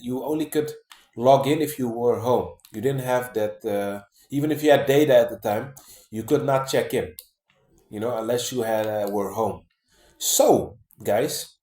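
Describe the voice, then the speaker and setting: A man's voice: mid-range voice, a little mellow. Rambling man, echoey room. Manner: rambling, many fillers and restarts, keeps saying man and guys. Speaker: vlogger. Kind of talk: casual monologue to camera.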